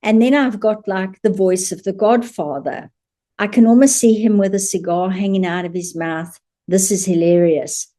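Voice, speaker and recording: A woman's voice: mid-range voice, moderate pace, mellow. A woman who works as an animal communicator, telling a story to camera in a chatty, amused way with frequent laughter.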